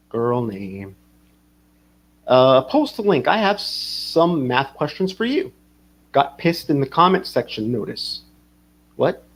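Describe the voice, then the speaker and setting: A man hosting a livestream, rambling casually, swearing and reading chat comments aloud. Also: fairly high pitch. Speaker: livestream host.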